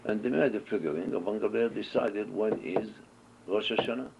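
A man's voice: fairly low pitch, a little fast, vocal fry. A man with teaching a Torah class, asking questions and answering them as he tells stories. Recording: dull lo-fi recording with faint noise.

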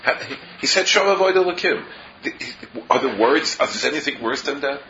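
Explaining verses in a Torah class, this man speaks a little fast in a mid-range voice that's pushed and bright. He frequently asks rhetorical questions and weaves Hebrew and Yiddish words into his English; the lo-fi recording is dull with faint noise.

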